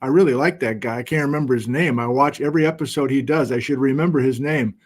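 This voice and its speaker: A man's voice: mid-range voice, quick pace. A middle-aged man hosting a casual livestream, chatting in a self-deprecating way and reading out where viewers are watching from. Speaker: livestream host. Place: home studio with document camera.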